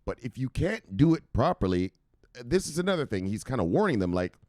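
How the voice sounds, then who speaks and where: A man's voice: medium pitch, big pitch swings, a little fast, darkish tone, dry recording, studio quality. A man hosting a crypto news show in casual, profane commentary, joking and chuckling as he reads and explains stories.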